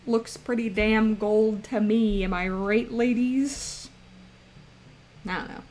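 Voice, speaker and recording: A woman's voice: a little high, fairly even intonation, takes it slowly, darkish tone. Playful chatty young woman streamer. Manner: playful, rambling, chatty with chat. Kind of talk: casual live-stream chat while drawing.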